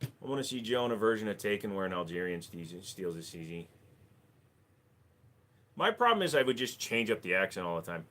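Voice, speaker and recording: A man's voice: lowish voice, sing-song, fairly quick, pauses often, bright, forceful tone. A man hosting a casual livestream, reading chat messages aloud and answering with crude jokes. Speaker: livestream host.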